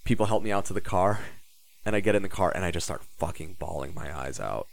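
Very deep-voiced man telling a story. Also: animated, fast talker, vocal fry. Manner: storytelling, swears casually, acts out quoted dialogue. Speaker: podcast host. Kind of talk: casual podcast chat.

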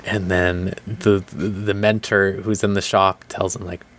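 A man's voice: deep voice, level tone, a little slow, a bit bright. A man in casual chat, animatedly retelling a show's plot and acting out the characters' lines. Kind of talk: casual chat recapping a show.

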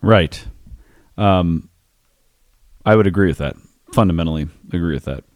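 A man co-hosting a casual podcast, calm and mostly agreeing with short replies. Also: low voice, moderate pace, dry recording, clean studio sound. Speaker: podcast co-host.

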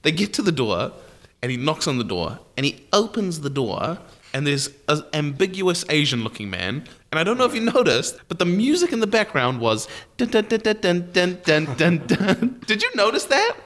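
A man with a fairly high voice that swings widely in pitch, trading casual movie chat on a podcast. He talks in lively bursts and laughs easily between points. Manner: animated, laughs often, quick asides. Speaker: podcast co-host.

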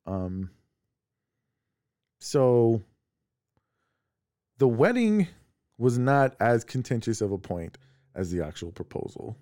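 A man co-hosting a podcast from home, telling personal family stories in a casual, animated way. He laughs often and acts out the voices of the people in his stories. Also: medium pitch, slow, pauses often, dry recording, studio quality. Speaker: podcast co-host.

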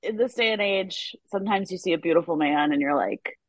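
A woman's voice: fairly low pitch, a little fast, no room sound. A woman TV writer, a podcast guest, chatting casually with lots of fillers and frequent laughs. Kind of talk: casual interview chat.

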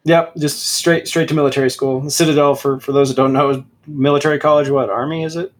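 Sarcastic husky-voiced man. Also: on the high side, fairly even intonation, quick pace. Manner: sarcastic, reads passages aloud with mock dramatic voices. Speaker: podcast co-host. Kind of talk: casual mocking book review chat.

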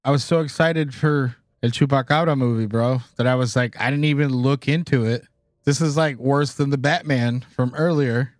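A man hosting a podcast, running through horror news with excitable, self-mocking, foul-mouthed chatter. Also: medium pitch, moderate pace. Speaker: podcast host. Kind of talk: casual banter reading news items.

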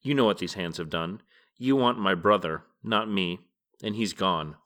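A man voicing an angry old male god who shouts and is close to tears. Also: low voice, moderate pace. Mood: grim. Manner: shouting, raised voice.

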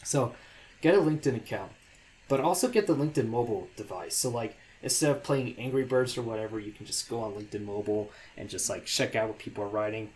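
A man's voice: lowish voice, fast talker, a little mellow. A young man co-hosting a casual podcast, talking in a loose, hesitant way with lots of fillers and restarts. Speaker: podcast co-host.

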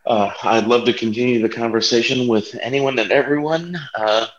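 A man's voice: medium pitch, normal speed, a little hiss or hum. A talkative, wordy man speaking as a guest in a casual discussion. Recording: dull muffled audio.

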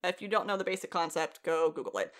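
Brief: woman podcast co-host, slightly low voice, animated and profane in casual chat. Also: fast. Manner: animated, profane, laughs often. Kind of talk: casual chat recapping a TV show.

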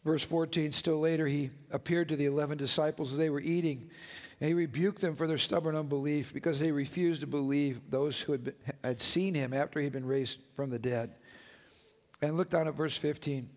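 A man's voice: a little high, fairly even intonation, fairly quick, in a large hall. A male pastor preaching a passionate, exclamatory sermon to his congregation in a church sanctuary.

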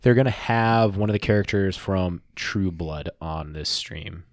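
Low-pitched male co-host, animated and teasing, close dry sound. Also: measured pace, dry recording. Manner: teasing, goofy. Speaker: podcast co-host. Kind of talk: casual chat.

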